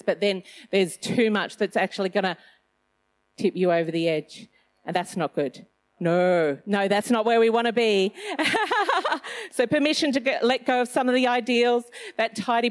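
A woman's voice: fairly high pitch, moderate pace. A middle-aged woman giving a casual Christian talk, chatty and self-mocking, with loose phrasing and plenty of fillers. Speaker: Christian speaker.

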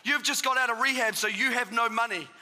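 A man in his thirties preaching and telling his testimony, excitable and bursting into shouts for emphasis. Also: very high voice, brisk. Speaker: guest preacher giving testimony. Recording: reverberant hall with live audience.

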